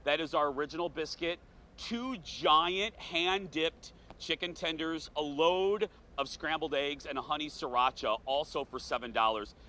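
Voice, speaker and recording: A man from the American South hosting a morning TV show outdoors at a fair, earnest and emotional, speaking slowly. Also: a little high, sharp tone. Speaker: TV show host. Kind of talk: morning TV chat. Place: outdoor state fair set.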